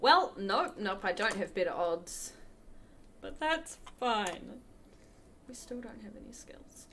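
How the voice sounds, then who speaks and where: Her mid-range voice is very animated and a bit bright, though she speaks at a slow pace, with a little hiss or hum in the audio. As host of a charity livestream, she plays a game at her computer and chats casually with viewers.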